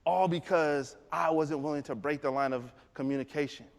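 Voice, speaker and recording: A man giving a motivational talk, telling a story in an animated, conversational way. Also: on the high side, moderate pace, creaky. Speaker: motivational speaker. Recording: echoey hall.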